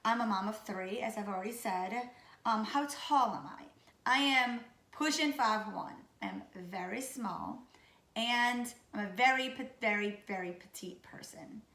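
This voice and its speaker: A woman in her late thirties from Louisiana, with a Louisiana accent, who sounds raspy and sick, chatting casually and goofily to camera about herself. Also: on the high side, a little slow, bright, forceful tone, roomy sound. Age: 30s. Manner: goofy, chatty. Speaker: vlogger. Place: room at home.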